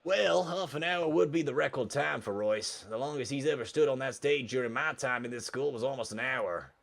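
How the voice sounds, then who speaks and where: A man doing a loud, chummy teen bro. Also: mid-range voice, brisk, vocal fry, voice pushed up, lightly acted. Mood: matter-of-fact. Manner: loud, upbeat, pally. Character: friendly energetic teen boy, chummy bro.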